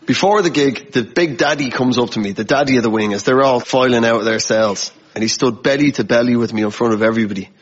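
A man's voice: medium pitch, fast talker, few pauses, husky. A man from Dublin, a comedian telling a comic anecdote on a panel show and acting out the voices. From Dublin, Ireland. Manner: animated storytelling, acts out voices. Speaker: comedian guest. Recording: lo-fi broadcast with loud audience laughter.

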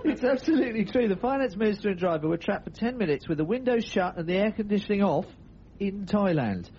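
A man's voice: high-pitched, animated, quick pace, muffled recording, background noise. A man hosting a comedy radio show, telling odd news stories with playful, laughing patter. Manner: playful, laughing, jumps into funny voices. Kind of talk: jokey comic radio patter.

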